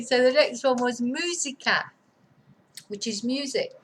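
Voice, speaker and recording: A woman teaching Spanish spelling at a deliberately slow, careful pace, dictating each word twice. She spells words out letter by letter and drifts into friendly asides. A faint hiss of background noise sits under her voice. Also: on the high side, fairly bright tone, rough recording.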